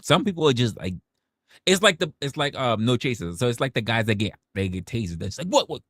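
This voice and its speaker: A man's voice: medium pitch, animated, fairly bright tone, dry recording, studio quality. Profane New man firing questions. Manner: rapid rhetorical questions, profane, stammering restarts. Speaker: livestream host. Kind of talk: casual livestream rant.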